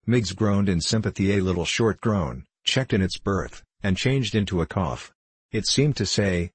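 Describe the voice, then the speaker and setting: A man narrating a classic novel in measured storytelling. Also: sits low, husky, no echo. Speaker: audiobook narrator. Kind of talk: scripted narration.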